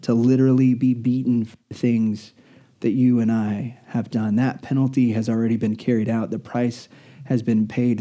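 A male preacher gives an earnest sermon in a storytelling style. His mid-range voice is very dark and mellow, and he slows down, dragging out important phrases for weight.

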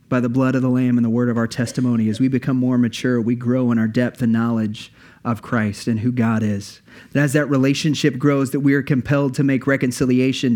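A man's voice: mid-range voice, a little mellow. Earnest male pastor preaching. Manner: earnest, builds with repeated phrases. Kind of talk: sermon.

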